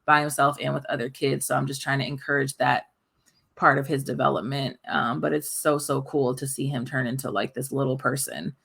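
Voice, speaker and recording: A woman's voice: level tone, brisk, gravelly, fairly bright tone, husky. A woman in her thirties co-hosting a podcast, chatting candidly and casually. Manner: candid, chatty, often quotes her toddler in a high voice. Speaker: podcast co-host.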